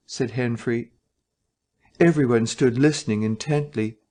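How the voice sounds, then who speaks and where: A man narrating a story slowly and clearly for English learners. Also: mid-range voice, a little mellow. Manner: slow, clear, measured reading.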